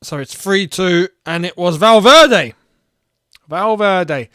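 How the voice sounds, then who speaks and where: Excitable young man hosting a watchalong. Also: high voice, takes it slowly, clean tone, dry recording, studio quality. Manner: excitable, laughing, reading viewer comments aloud. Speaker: football watchalong host. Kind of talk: live match commentary and chat.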